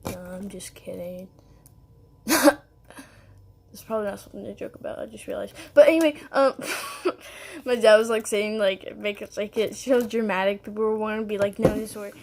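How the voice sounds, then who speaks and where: Speaking at normal speed, a young woman with a medium-pitched, gravelly, slightly mellow voice rambles through a story for her vlog viewers. She's casual and giggly, packing in "like" and "um" along with small laughs.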